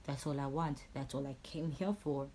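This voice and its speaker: A young woman with a Swazi accent, telling a storytime vlog in an angry, animated way, swearing and switching languages. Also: extremely low pitch, normal speed, noisy background. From Eswatini. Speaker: YouTuber.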